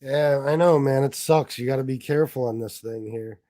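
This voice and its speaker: A man's voice: mid-range voice, normal speed, dark tone, no echo. A man hosting a casual chat, talking bluntly with some swearing and sympathetic asides.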